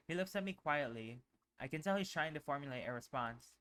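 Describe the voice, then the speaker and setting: A male streamer reading a visual novel aloud in an expressive, unhurried way. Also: fairly high pitch. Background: background music.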